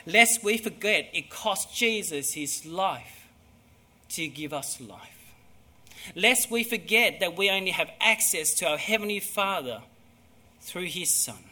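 A man preaching a sermon, emphatic, moving between hushed and loud delivery. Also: high voice, animated, slow, pauses often.

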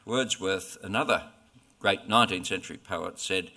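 A man preaching a sermon in a slow, deliberate, earnest way, pausing often between phrases. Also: low-pitched, vocal fry, pushed and bright. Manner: slow, deliberate, earnest delivery with frequent pauses.

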